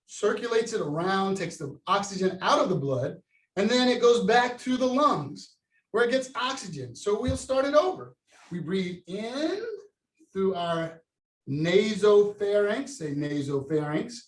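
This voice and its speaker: A man with a high voice leads children through a science lesson, calling out words for them to repeat back. He speaks from some distance off the mic in an echoey room, so his voice rings and sounds far. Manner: animated, call-and-response prompting; gestures while talking, stands and demonstrates. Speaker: science educator. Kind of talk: interactive kids' science lesson.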